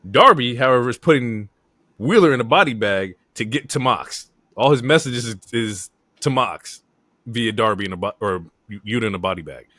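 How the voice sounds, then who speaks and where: A man co-hosting a casual wrestling review podcast, recapping in a relaxed, steady way. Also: medium pitch, normal speed, no echo, studio quality. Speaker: podcast co-host.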